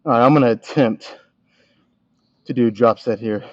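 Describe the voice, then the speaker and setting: A man's voice: mid-range voice, normal speed, no echo, lo-fi sound. A man talking casually to camera in a gym between heavy sets, out of breath, candid and swearing now and then. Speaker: fitness vlogger. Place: gym by the dumbbell rack.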